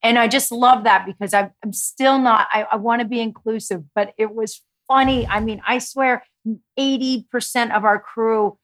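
A middle-aged woman guest on a podcast, speaking in a meandering, animated way about her show. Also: a little high, moderate pace, low-quality recording. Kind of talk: casual podcast interview.

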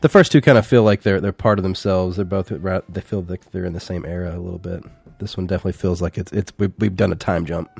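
A man's voice: sits low, fairly even intonation, quick pace, creaky, a little mellow, husky. A young man co-hosting a casual movie-review chat, laughing often and swearing casually as he acts out lines. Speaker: podcast co-host.

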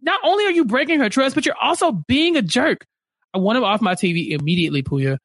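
A man with a strikingly high voice, co-hosting a casual reality-show recap and ranting in exasperated outbursts. The sound is dry and close, with no room around it, as on a video call. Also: sing-song, fast talker, a bit bright, no echo. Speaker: podcast co-host.

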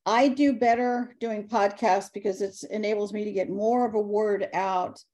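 An older woman, a podcast guest, telling spirit stories in a calm, matter-of-fact way and acting out the dialogue. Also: mid-range voice, normal speed. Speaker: guest, ghost-clearing spirit worker. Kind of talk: anecdotal storytelling in a podcast interview.

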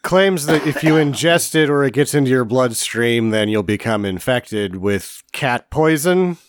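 A man's voice: medium pitch, lively intonation, a little slow, clear, resonant tone, no echo. Dry, wry man co-hosting a podcast. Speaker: podcast co-host. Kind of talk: casual movie recap chat.

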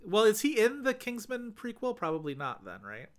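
A man co-hosting a casual film podcast, animated and enthusiastic. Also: high voice, normal speed. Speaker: podcast co-host.

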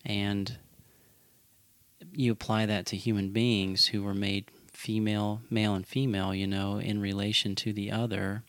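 A man co-hosting a casual faith podcast, explaining ideas in a measured, reflective way. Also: fairly low pitch, level tone, fairly bright tone, no room sound. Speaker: podcast co-host.

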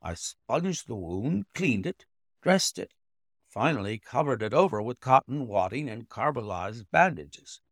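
A man reading a classic story aloud in expressive, dramatic narration. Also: mid-range voice, measured pace, dry recording, clean studio sound. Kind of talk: scripted audiobook narration.

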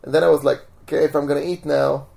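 A Swedish-accented man with a gravelly, creaky edge in his voice tells his story as a guest in a relaxed home interview. He rambles at an easy pace, full of "like"s and false starts. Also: a little high, rapid-fire. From Sweden. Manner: relaxed storytelling with repeated "like" and restarts. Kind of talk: casual interview chat.

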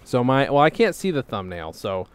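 A man's voice: mid-range voice, moderate pace, smooth. Podcast co-host, male, comic banter into a desk mic, voice that swings up and down a lot. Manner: joking, animated, laughs often. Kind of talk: casual comedic chat. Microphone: desk microphone.

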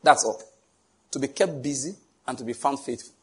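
A man's voice: medium pitch, normal speed, husky. A man preaching a sermon emphatically and asking the congregation questions. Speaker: pastor.

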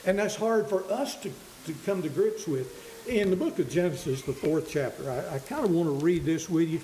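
A man preaching a sermon in an earnest, halting way, often restarting his words, in a church hall. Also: a little high, warm tone. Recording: echoey room with faint hiss.

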